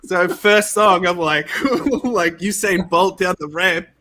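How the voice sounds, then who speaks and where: A man, a game creator being interviewed, telling stories in a casual, animated way, laughing often and saying "like" a lot. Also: high voice, slow. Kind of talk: casual storytelling.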